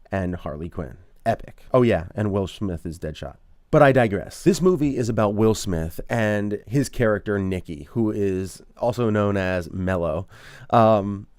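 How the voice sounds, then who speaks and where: A man's voice: on the low side, a little mellow, no room sound, studio quality. A man hosting a casual movie review, talking in an upbeat, chatty way with playful asides.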